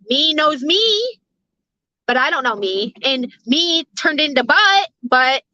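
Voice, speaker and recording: A woman's voice: high-pitched, bright, forceful tone, no echo. A middle-aged woman chatting casually with her live viewers, rambling, swearing freely and laughing often. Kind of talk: casual live-stream chat. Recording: dull, lo-fi sound.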